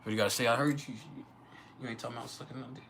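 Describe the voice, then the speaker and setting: A man's voice: medium pitch, steady tone, racing, fairly bright tone, slight background noise. Joking, profane man on a livestream. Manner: joking, profane, laughs often. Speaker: astrology livestream host. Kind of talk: casual livestream chat.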